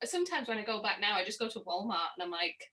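A woman's voice: medium pitch, quick pace, a crowd in the background. A young woman from Northern England with a northern accent, telling stories in a casual chat, acting out quotes and laughing often. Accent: Northern English. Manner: animated storyteller, acts out quotes, laughs often. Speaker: guest.

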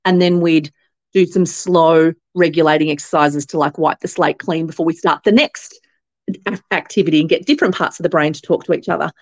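A woman's voice: low-pitched, fairly quick, no room sound. A woman with an Australian accent, telling stories as a guest on an interview podcast, with lots of fillers and restarts. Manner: chatty storytelling, many fillers and restarts; animated quoting of others' voices. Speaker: guest, company founder.

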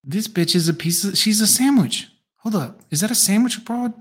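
Sarcastic higher-voiced man riffing. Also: expressive, fairly quick. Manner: sarcastic, mocking asides. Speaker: reaction video host. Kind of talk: casual profane reaction commentary.

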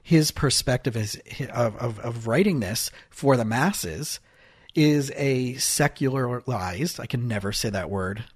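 A man hosting a podcast as a marriage and family therapist, talking in a casual, animated way with frequent restarts and fillers. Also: medium pitch, measured pace, husky, no echo, clean studio sound.

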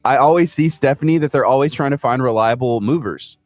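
A man's voice: medium pitch, brisk, dry recording, faint music behind. A man from Houston, co-hosting a morning show and telling stories animatedly, acting out the people he quotes. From Houston, Texas. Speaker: radio co-host. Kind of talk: casual morning show banter.

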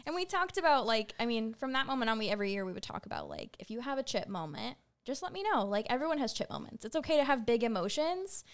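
A woman who co-hosts a podcast and used to teach middle school, chatting casually and telling stories with lively voices for the people in them. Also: on the high side, fast talker, hardly any pauses, smooth. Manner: animated storyteller, acts out quoted students.

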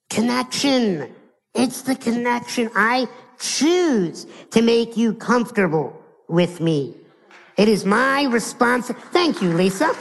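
A man's voice: very high-pitched, animated, slow pace, gravelly, long reverb tail. An American man giving a live motivational keynote, telling stories playfully and speaking straight to his audience. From United States.

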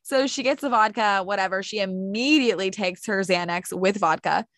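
A woman's voice: medium pitch, normal speed, fairly bright tone, no echo, clean studio sound. A woman co-hosting a podcast, retelling a TV episode in casual chat and acting out the characters' lines, with lots of "like". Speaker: podcast co-host. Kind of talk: casual chat recapping a TV show.

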